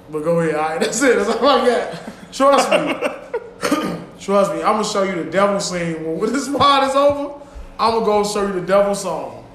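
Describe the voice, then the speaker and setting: High-voiced laughing man in an echoey room. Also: lively intonation, normal speed, pauses often, a little hiss or hum. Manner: loud, laughing, profane storytelling. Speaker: podcast host. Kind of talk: casual podcast chat. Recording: echoey room with faint ambience.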